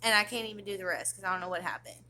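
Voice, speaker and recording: A woman's voice: medium pitch, expressive, very fast, bright, forceful tone, slight background noise. A woman vlogging in a rambling, slangy, casual chat to camera.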